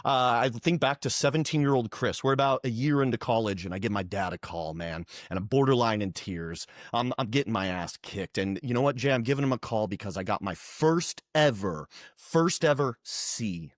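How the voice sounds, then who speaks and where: Animated slangy man, dry close mic. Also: mid-range voice, moderate pace, hardly any pauses, dry recording. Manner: animated, slangy, says "man" and "dude" often. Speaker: podcast guest, founder. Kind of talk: casual conversational interview.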